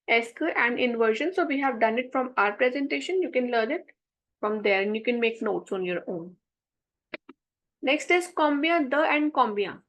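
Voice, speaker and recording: A woman with a high voice teaches a French lesson. She explains each step patiently, saying French phrases slowly and then translating them. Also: a bit bright, rough recording. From India. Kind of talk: classroom explanation.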